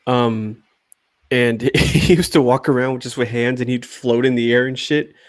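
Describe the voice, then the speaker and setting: A man's voice: medium pitch, steady tone, measured pace, no room sound. Young man rambling with laughter. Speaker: podcast co-host. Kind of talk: casual chat.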